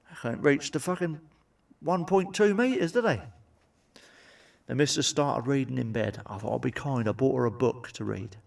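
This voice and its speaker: A man's voice: a little high, fairly quick, gravelly, recorded from a distance. A man doing crude stand-up comedy, blunt and sweary, with frequent asides to the audience. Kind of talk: crude stand-up joke telling.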